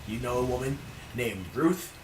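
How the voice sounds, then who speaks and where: A man's voice: medium pitch, animated, moderate pace, a little hiss or hum, close to an everyday voice. A man muttering as a nosy creepy stranger. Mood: prying. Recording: roomy, distant from the mic.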